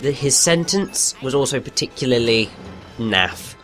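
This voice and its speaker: A man in casual game commentary who gets excited and rambles with enthusiasm. His pitch is mid-range and his delivery is loose. Faint game music plays under his voice. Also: a little slow. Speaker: let's play co-host.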